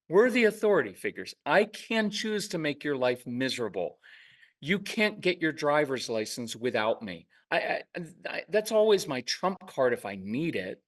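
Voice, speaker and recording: A man talking casually in an interview, telling lively parenting stories and acting out parents and kids in quick asides. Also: on the high side, distant mic. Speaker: parenting podcast host and guest expert. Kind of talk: conversational interview.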